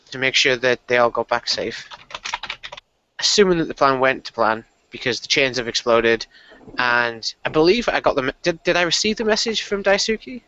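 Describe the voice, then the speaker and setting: A male tabletop player talks in a hesitant, apologetic way. His voice is bright and smooth, though a lo-fi voice-chat line dulls it. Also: medium pitch. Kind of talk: tabletop game role-play. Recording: muffled lo-fi voice chat.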